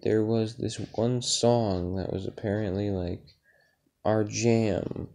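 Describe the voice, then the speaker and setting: Young man, low and gravelly, tired rambling dream story with swearing. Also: fairly even intonation, slow pace, mellow. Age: young adult. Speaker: vlogger. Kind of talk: casual dream retelling.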